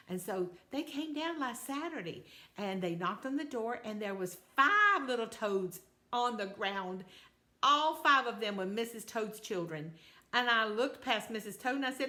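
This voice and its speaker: An older woman telling a children's story, animated and sing-song, talking straight to the kids. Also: mid-range voice, normal speed.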